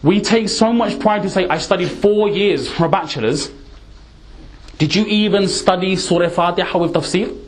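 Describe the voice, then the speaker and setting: A man's voice: sits high, moderate pace. A man giving an earnest, emphatic sermon, dropping in Urdu, Punjabi and Arabic words. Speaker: Islamic preacher.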